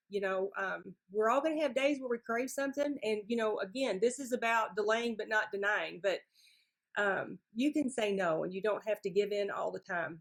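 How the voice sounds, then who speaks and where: A woman guest speaker giving an energetic, faith-filled pep talk to a support group over a video call. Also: mid-range voice.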